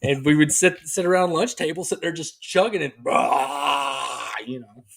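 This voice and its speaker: A man's voice: on the high side, a little fast. A man co-hosting a podcast in casual comedic chat, rambling and self-mocking and laughing often. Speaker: podcast co-host. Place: podcast recording.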